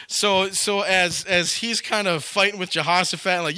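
A male preacher retells a scripture story in a casual, slangy sermon. His voice is forceful and sits a bit high. The sound is dry and close. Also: expressive, moderate pace, no echo.

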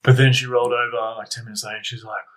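Man, young adult, chatty guest, bright tone, rambling storyteller. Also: medium pitch, flat delivery, racing, rough recording. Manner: rambling, self-correcting anecdote with laughs. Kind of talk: casual storytelling.

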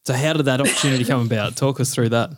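A man hosting a podcast, his voice close and dry with no room sound. He asks measured questions and restarts a word here and there. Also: mid-range voice, fairly even intonation, no echo. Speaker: podcast host. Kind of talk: casual podcast interview.

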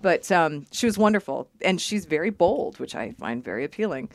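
A woman's voice: lowish voice, lively intonation, no room sound. A woman guest on a chat podcast, telling stories in a candid, profane, joking way. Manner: quick to joke. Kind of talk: casual chat.

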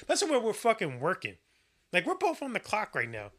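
A man with a high, piercingly bright voice talks in casual podcast chat. He rants and swears freely, piling on complaints with heated, animated energy. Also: brisk. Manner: ranting, profane, animated.

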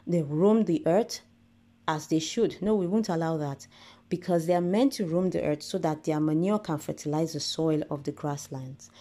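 Low mellow woman doing an earnest podcast monologue, slow and deliberate. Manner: earnest, deliberate, rhetorical lists. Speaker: podcast host.

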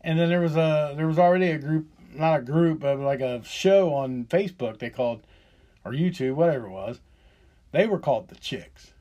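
A man's voice: on the high side, moderate pace, dark tone, highs cut off. A man in his fifties delivering a profane, heated and sarcastic solo rant as a podcast host. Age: 50s.

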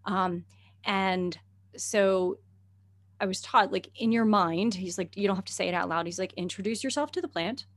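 A chatty middle-aged woman tells a story in a relaxed conversation. She talks animatedly, laughs often and fills her sentences with "you know" and "like". Her voice sits at an ordinary pitch for a woman. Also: moderate pace. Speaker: guest herbalist and naturalist.

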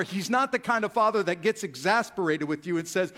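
Pastor guy preaching, kinda high voice, gets loud on the big lines. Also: normal speed. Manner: animated preaching, swelling louder on key phrases. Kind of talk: sermon.

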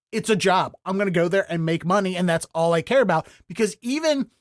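A man's voice: sits high, dry recording, clean studio sound. A man from the Baltimore area hosting a casual podcast chat, telling stories with frequent laughs. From Baltimore area, USA. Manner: laughs often, animated storytelling. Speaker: podcast host.

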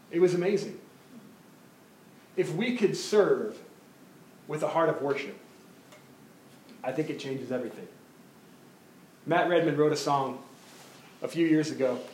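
A man preaching a sermon as pastor, animated, often repeating words as he builds his point. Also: sits high, echoey room, low-quality recording.

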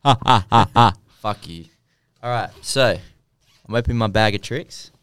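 Young man, podcast co-host, crisp voice, dry close mic. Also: on the low side, moderate pace, no room sound. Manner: swears a lot, excitable. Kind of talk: casual chat.

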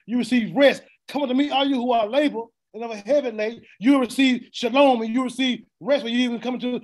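A man with a very high voice preaches verse by verse, throwing questions at his listeners and waiting for them to finish his lines. He often stumbles into repeated words before pressing on. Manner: call-and-response questioning, stammering repeats. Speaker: preacher teaching scripture. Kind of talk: interactive sermon.

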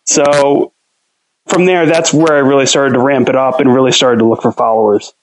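This interview guest, a young man who cooks at home, speaks at medium pitch and normal speed over poor audio. His long, casual story wanders, is laced with swearing, and features lively impressions of what people said.

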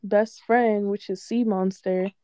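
A woman in a casual chat, telling an animated, profane story and quoting what others said. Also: mid-range voice, takes it slowly, lo-fi sound, crowd noise.

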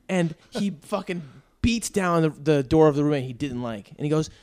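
A man's voice: a little high, a little fast, few pauses. A man hosting a podcast, telling a joking story about an old roommate. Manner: animated, joking. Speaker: podcast host. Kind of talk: casual storytelling.

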